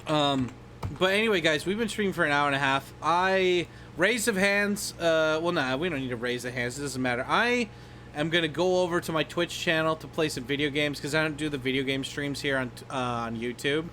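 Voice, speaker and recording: A man's voice: fairly high pitch, brisk, bright, forceful tone, slight background noise. A young man streaming, chatting casually and rambling about movies with lots of swearing and laughter. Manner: rambling, profane, laughs a lot, scats and imitates movie lines. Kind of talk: casual livestream chat.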